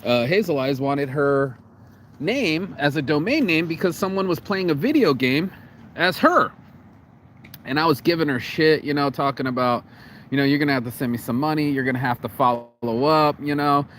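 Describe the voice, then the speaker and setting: A man's voice: a little high, moderate pace, a bit bright. American guy vlogging outside in the cold on his phone, rambly and sweary, keeps restarting, little bit of street noise. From United States. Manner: rambling, profane, repeats words and restarts. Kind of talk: casual vlog monologue. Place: outdoors on a cold day.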